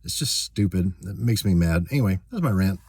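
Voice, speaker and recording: A man hosting his own channel, talking in a halting, filler-heavy way as he gets worked up in a casual rant. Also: deep voice, lively intonation, a little mellow, slightly rough, no room sound. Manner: halting, many fillers and restarts, getting worked up. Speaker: channel host.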